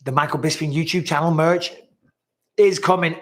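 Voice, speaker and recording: A man's voice: a little high, steady tone, moderate pace. A man with a northwest English accent hosting a casual live chat, reading out viewers' comments in a joking, blunt way and swearing freely. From northwest England.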